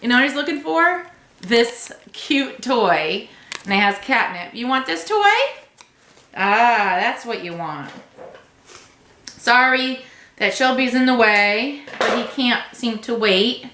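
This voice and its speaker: A woman's voice: a little high, takes it slowly, bright, forceful tone, echoey room. A woman vlogger unboxing a subscription box at home, gushing over each item and cooing to her cat. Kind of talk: casual unboxing chat.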